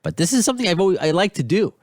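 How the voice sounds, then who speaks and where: A man's voice: sits high, very animated, racing, no echo, studio quality. A man hosting a podcast, talking casually and enthusiastically, often restarting his sentences. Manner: rambling, enthusiastic, many restarts. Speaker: podcast host.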